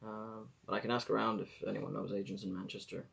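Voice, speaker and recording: Gravelly man rambling on a live stream. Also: fairly low pitch, level tone, fast, a bit bright. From Israel. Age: 40s. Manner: rambling, self-correcting, chatty advice.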